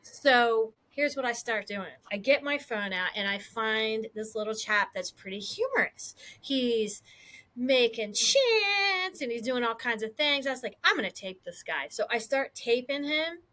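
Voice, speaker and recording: A woman co-hosting a casual chat podcast, telling stories in an animated, self-mocking way. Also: fairly high pitch, a little slow. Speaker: podcast co-host.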